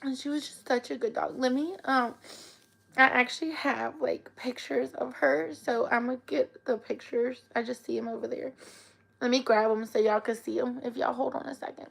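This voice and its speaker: Tearful woman with a gravelly voice. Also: a little high, steady tone, normal speed. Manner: emotional storytelling, often tearful. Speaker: livestream host. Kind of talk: casual live-stream chat.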